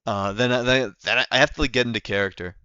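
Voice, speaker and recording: A man's voice: medium pitch, fairly even intonation, quick pace, sharp tone, smooth, dry recording, highs cut off. Rambling young man streaming a game. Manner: rambling, many fillers. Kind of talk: casual live-stream chat.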